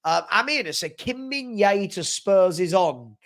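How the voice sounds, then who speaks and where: Man, stuffy with a cold, teasing live-stream host, fairly high voice. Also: expressive, measured pace, fairly bright tone. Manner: chatty, playful, teasing, repeats himself. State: has a cold. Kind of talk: casual live-stream chat reading viewer comments.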